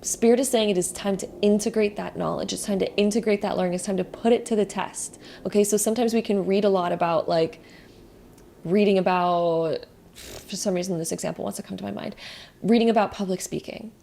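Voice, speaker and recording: A young woman giving a casual spiritual tarot card reading, gentle and rambling with many fillers. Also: mid-range voice, fairly even intonation, fairly quick, vocal fry.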